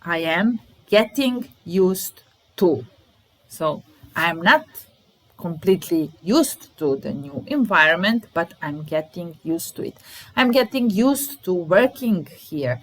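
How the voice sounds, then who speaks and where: English teacher, woman, Serbian accent, slightly low voice, unhurried and repetitive. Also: low-quality recording. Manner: repeats example sentences slowly, explaining them. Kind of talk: language lesson.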